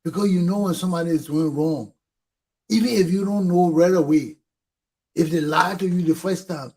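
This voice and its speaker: A middle-aged Liberian man hosts his talk show in a fiery, impassioned monologue. His voice sits fairly high with a husky, rough edge. He hammers his points home by repeating them and swearing. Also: normal speed, a little mellow, poor audio. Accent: Liberian English.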